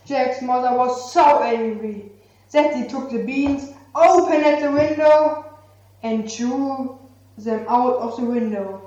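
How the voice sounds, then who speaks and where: A woman reads a children's story in a slow, clear, deliberate way, her voice fairly high. The recording is roomy and slightly dull. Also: mellow, far from the mic, a little hiss or hum. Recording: echoey, dull lo-fi room recording.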